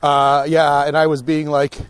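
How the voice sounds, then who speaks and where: Out on a park hiking trail, a young podcast guest tells stories as he walks, swearing plenty and acting out how he reacted. His voice is on the high side, clear and resonant, at a measured pace, with no echo in the sound.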